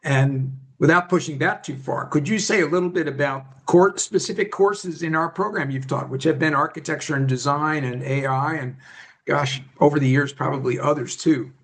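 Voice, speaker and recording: A man's voice: fairly high pitch, normal speed, a bit bright. A man hosting a webinar on a video call, praising and drawing guests into the conversation. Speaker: webinar host.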